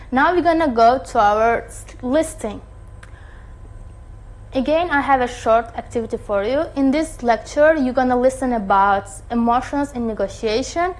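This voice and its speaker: Lady teacher, high voice, takes it slow, keeps asking if u got it. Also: low-quality recording. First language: Turkish. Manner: slow, deliberate teacher talk with frequent checks. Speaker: English teacher. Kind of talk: online lesson.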